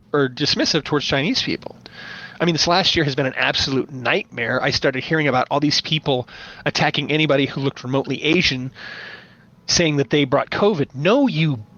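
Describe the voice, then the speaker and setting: A man who runs tabletop games, chatting on a podcast as an animated storyteller. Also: mid-range voice. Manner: animated storyteller, playful voice imitations. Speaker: podcast guest, game master. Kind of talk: casual podcast chat. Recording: dull lo-fi audio.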